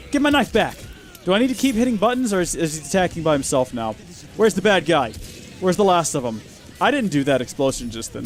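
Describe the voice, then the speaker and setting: Casting: a wry gaming host, animated and slightly high voice, music playing underneath. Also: male voice. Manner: chatty, wry and sarcastic. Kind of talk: let's play commentary.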